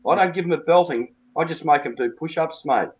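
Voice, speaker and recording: A man's voice: on the high side, brisk, muffled recording. Blunt, tough-talking cricket coach, a man. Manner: blunt, emphatic, colloquial. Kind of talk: interview.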